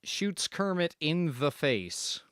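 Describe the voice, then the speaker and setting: A man with a Canadian accent, streaming in a playful, deadpan way. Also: fairly high pitch, slow, clear, resonant tone, dry recording, studio quality. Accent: Canadian English. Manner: playful, deadpan, laughing often. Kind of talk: casual streaming chat.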